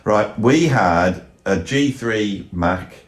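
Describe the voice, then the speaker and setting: A man's voice: on the low side, extremely slow. A middle-aged man, a former record producer chatting as a podcast guest in a rambling, anecdotal way. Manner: rambling, anecdotal, animated when quoting others. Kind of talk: casual storytelling chat. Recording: roomy echoey room.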